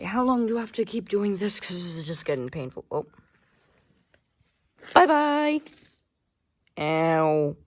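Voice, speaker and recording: A woman's voice: mid-range voice, no echo, exaggerated voice. A woman voicing a goofy, talkative male toy train engine that squeals, yelps and mocks itself. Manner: playful, self-mocking, squeals and yelps. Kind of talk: playful toy role-play.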